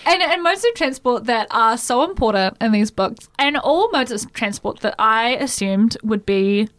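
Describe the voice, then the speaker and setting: Bubbly young woman with a lively high voice. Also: no echo. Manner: bubbly, quick to laugh. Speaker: podcast co-host. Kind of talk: casual book chat.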